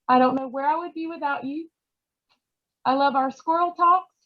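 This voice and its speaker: Tearful woman on a dull call. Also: high voice. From Georgia, USA. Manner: choked up, halting, many fillers. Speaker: award recipient. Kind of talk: emotional acceptance speech. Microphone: video call.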